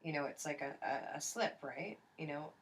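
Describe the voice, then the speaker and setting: A woman's voice: sits low, normal speed, poor audio. A young woman interviewing her mother in a casual family chat, telling stories with lots of restarts and acted-out quotes. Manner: animated storytelling, acts out quoted voices, many restarts. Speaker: interviewer, adult daughter.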